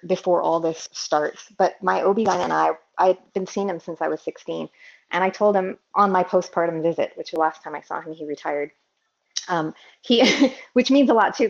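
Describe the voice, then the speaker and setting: A woman with a mid-range voice tells her own story as an interview guest, candid and earnest. Her sentences tumble and restart as she searches for words. The recording sounds dull and lo-fi. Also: mid-range voice. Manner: earnest, tumbling, self-correcting speech. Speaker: guest, psychologist and mother. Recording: dull lo-fi audio.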